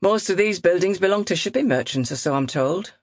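A woman reading as a brisk male estate agent. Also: fairly low pitch, animated, dry recording, clean studio sound, pitched above the performer's own voice. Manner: brisk and breezy. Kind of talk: audiobook character reading.

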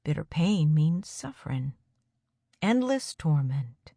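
A woman voicing a kind male village teacher who speaks gently and softly, then stammers when he is uneasy. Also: sits low, sing-song, takes it slowly, gravelly, breathy edge, dry recording, full character voice. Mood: gentle. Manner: gentle, soft, stammering under strain.

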